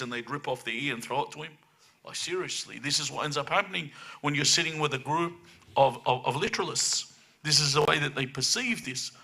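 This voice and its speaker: Guy preaching to a room full of people, bright punchy voice, a bit high, fires off one rhetorical question after another. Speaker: religious lecturer. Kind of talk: religious lecture to a live audience. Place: room with a live audience.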